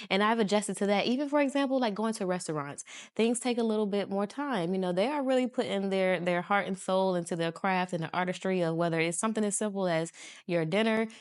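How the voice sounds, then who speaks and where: A young woman from the United States chatting casually to camera from her couch, telling stories animatedly and acting out what people said in a higher voice, laughing often. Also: smooth. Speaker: vlogger. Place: home, sitting on a couch.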